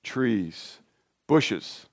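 A man preaching an informal sermon in a conversational, rambling way, with asides and restarts that turn lively and high when he gets excited. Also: drawn-out words, dry recording, clean studio sound. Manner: lively, rising pitch when animated.

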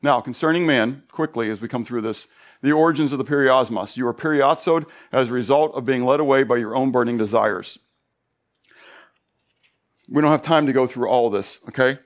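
A pastor preaching a Bible study sermon, animated, full of rhetorical questions. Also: male voice, medium pitch, moderate pace.

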